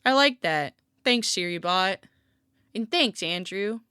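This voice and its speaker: Taking her time, this woman speaks in a medium pitch with lively intonation and a sharp yet smooth tone, with no echo. She's streaming from a room at home by a window on a desk mic, rambling casually with viewers, laughing a lot and swearing mildly.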